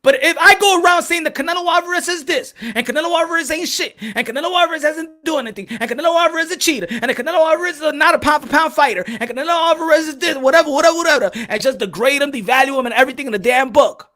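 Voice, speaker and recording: A man's voice: very high-pitched, very fast, few pauses, sharp tone. Male boxing podcast host, solo rant, fiery and foul-mouthed, with repetitive rhetorical jabs. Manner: heated, profane, hammering repeated rhetorical questions.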